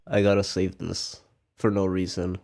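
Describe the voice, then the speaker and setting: A man streaming a game, reacting excitedly to what he sees on screen. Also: low-pitched, moderate pace, creaky. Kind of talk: let's play commentary.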